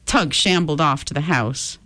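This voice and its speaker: A woman reading a children's chapter book aloud in a gentle, expressive storytelling manner. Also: deep voice, a little slow.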